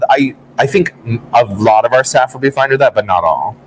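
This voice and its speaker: A man's voice: medium pitch, animated, moderate pace, slight background noise, poor audio. A man co-hosting a morning talk show, asking questions and teasing in casual chat. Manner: curious, asks questions, teasing.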